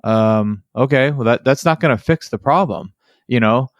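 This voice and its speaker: A man's voice: medium pitch, moderate pace, no echo, studio quality. A man hosting a podcast, telling stories in a casual, rambling way and leaning on "like" and "you know". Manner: rambling storyteller, heavy use of "like" and "you know". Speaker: podcast host. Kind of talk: casual interview chat.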